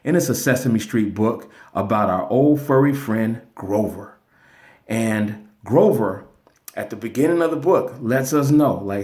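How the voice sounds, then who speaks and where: A man's voice: medium pitch, expressive, a little slow, darkish tone. A man telling a story as a lesson in an earnest, casual motivational talk, streamed live from his phone. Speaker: motivational speaker.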